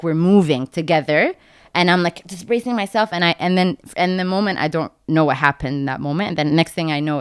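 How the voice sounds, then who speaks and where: Young woman, podcast guest, lively storyteller, dry close sound, lowish voice. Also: smooth, no room sound. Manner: animated, acts out her own quotes in a much higher voice. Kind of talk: casual storytelling.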